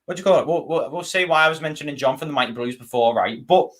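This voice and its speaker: A young man talks football quickly in a slightly high voice. He rambles and restarts, keeping the chat loose and casual. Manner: fast, animated, rambling with many restarts. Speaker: fan channel co-host.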